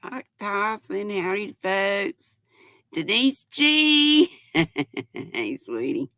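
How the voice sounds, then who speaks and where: An older woman in her sixties hosts a relaxed livestream, reading comments aloud and greeting each viewer as sweetheart or honey. Her voice is gravelly and cracks at times, with a bright edge and an unhurried pace. The sound is close and dry. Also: mid-range voice, no echo. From North Carolina. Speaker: livestream host.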